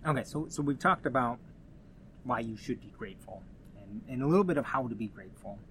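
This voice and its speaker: A man's voice: medium pitch, animated, brisk, fairly bright tone, slight background noise. Casual man talking on his own podcast. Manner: conversational, rambling with frequent restarts and asides. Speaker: podcast host. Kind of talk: casual solo podcast talk.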